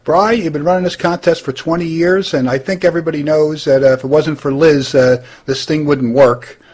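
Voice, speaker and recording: A man's voice: fairly high pitch, steady tone, a little fast, darkish tone. A man hosting a comedy roast, interviewing classmates with lots of hesitant fillers.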